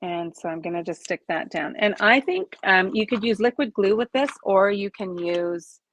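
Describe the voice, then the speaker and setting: A woman's voice: medium pitch, expressive, normal speed, fairly bright tone. A woman in her forties hosting a live crafting stream at her home desk. She chats casually with viewers, explains each step and laughs often at herself. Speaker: crafting host.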